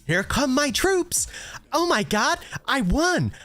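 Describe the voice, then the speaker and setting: Man doing a high squealing noob in a game ad, gushing, breathless, swooping pitch. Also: very animated, takes it slowly, bright, forceful tone, soft background music, heavily acted. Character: over-excited clueless young gamer in a mobile game advert.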